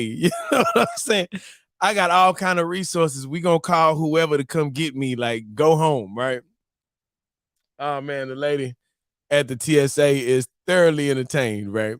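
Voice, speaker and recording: A man hosting a morning live stream, telling a story with slang and loud bursts of laughter. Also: a little high, unhurried, no echo, clean studio sound. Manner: laughing hard between lines, slangy and loud. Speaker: morning show host.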